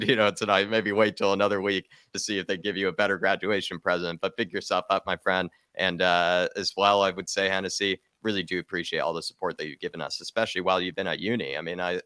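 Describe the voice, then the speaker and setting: A man with an Irish accent hosting a live fan stream, chatty and quick to laugh. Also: deep voice, sharp tone, dry recording. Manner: fast, chatty, laughs easily. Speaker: host.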